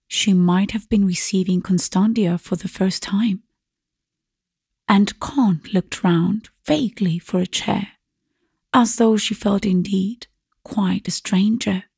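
A woman reads a classic story aloud in a slow, measured audiobook narration. Her voice is gravelly and a little husky, mellow in tone, and recorded dry and close. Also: medium pitch, fairly even intonation, dry recording.

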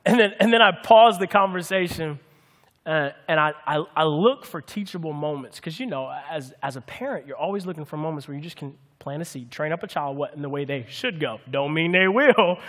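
High-voiced pastor preaching with humor. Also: male voice, normal speed, big-room sound. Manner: lively, humorous, calls out to the congregation for answers. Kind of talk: sermon.

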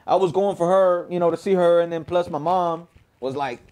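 A man's voice: sits high, moderate pace, darkish tone. Laid-back man telling a story. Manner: laid-back, profane, fills with "you know what I mean". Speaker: storyteller recounting his past. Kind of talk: casual spoken storytelling.

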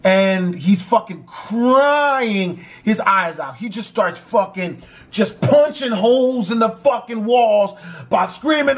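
A man with a high-pitched voice recounts a dramatic story in a storytime vlog. He talks animatedly and curses constantly, with lots of fillers. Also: takes it slowly. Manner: animated, heavy cursing. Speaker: vlogger.

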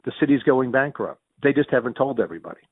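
A man's voice: mid-range voice, lively intonation, breathy edge, no room sound. A middle-aged American man telling long personal stories in a conversation, jumping through them with restarts and quoted dialogue. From United States. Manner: rapid self-correcting anecdotes with quoted dialogue. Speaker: interview guest. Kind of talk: animated storytelling in conversation. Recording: dry sound over a phone-like line.

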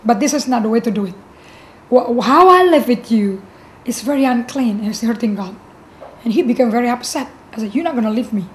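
A woman's voice: fairly high pitch, lively intonation, brisk, slight background noise, poor audio. A woman pastor sharing her faith testimony in an earnest, emotional way, often restarting her sentences and adding "you know".

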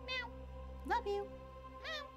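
A woman voicing a high sing-song talking cat. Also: slow pace. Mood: coaxing. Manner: sing-song, ends with meows. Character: talking male pet cat, sweet and eerie. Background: game music.

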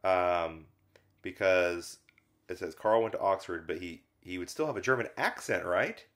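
A man co-hosts a film review podcast, discussing films casually and rambling with lots of fillers, now and then acting out lines from scenes. His low-pitched voice has a fairly bright tone and runs at normal speed.

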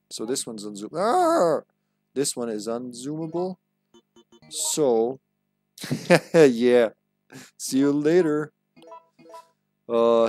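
A man's voice: mid-range voice, darkish tone. A man streaming a horror video game, chatting casually, joking and swearing as he plays. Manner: jokey, profane, playful voices. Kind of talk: casual gameplay commentary.

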